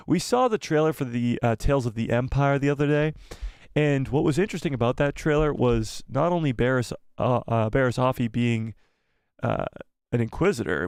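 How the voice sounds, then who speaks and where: Male live streamer, mid-pitched, eager and rambling, dry close mic. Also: a little mellow, dry recording. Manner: enthusiastic, rambling, thinks aloud. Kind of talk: casual live stream chat.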